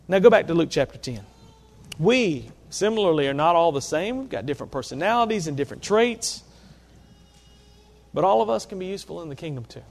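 A man's voice: sits high, vocal fry. A man preaching a sermon to a congregation, earnest, often asking rhetorical questions. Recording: long reverb of a large hall.

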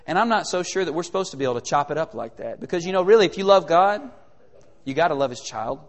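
A man with a slightly high voice preaches quickly in a large hall. His sermon is conversational and animated, packed with rhetorical questions.

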